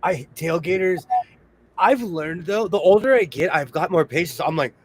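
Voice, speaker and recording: A man's voice: fairly high pitch, moderate pace, dry recording. A man chatting casually as co-host, telling stories and laughing often. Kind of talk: casual chat.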